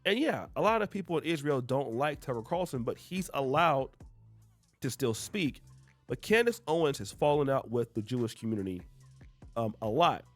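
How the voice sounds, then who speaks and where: A man's voice: mid-range voice, sing-song, moderate pace, soft background music. A man hosting a reaction video, explaining clips in a conversational way. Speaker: host. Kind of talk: reaction commentary.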